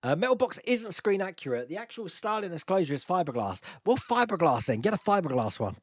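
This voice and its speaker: A chatty man hosts a casual live-stream Q&A, laughing often as he answers viewer comments. His voice sits a little high and swings up and down with animation. The sound is close and dry. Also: big pitch swings, a little fast, dry recording.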